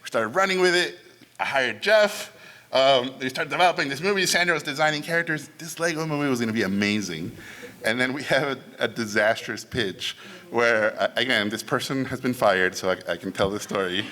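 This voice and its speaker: A man on a panel at an expo, telling behind-the-scenes stories with lively, animated delivery, swearing casually and acting out what others said. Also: medium pitch, a little fast, a little hiss or hum. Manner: lively, swears casually, acts out quotes in voices. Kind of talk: animated storytelling on stage.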